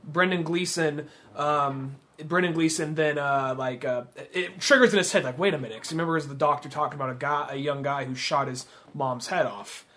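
A man's voice: on the high side, steady tone, brisk, pushed and bright. Rambling young man talking films. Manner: rambling, loose, with many fillers. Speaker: podcast co-host. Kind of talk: casual film discussion.

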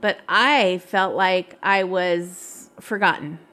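A woman's voice: fairly low pitch, slow, sharp tone. A middle-aged woman, a pastor's wife and co-host, sharing personal stories in a candid, reflective way. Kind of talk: casual chat.

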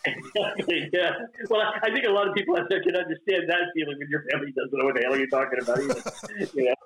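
Crowd noise surrounds this older man from Mississippi, in the US South, who speaks fast in a slightly high voice while telling stories as an interview guest. He's animated, laughs often, and acts out quotes, all in a roomy, dull recording.

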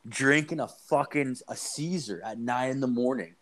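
A man's voice: medium pitch, normal speed, a bit bright. A young man telling a story in casual, profane, rambling chat, full of fillers.

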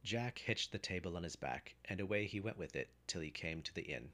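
A man narrating an old folk tale in a measured storyteller's delivery. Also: low voice, animated, fairly bright tone.

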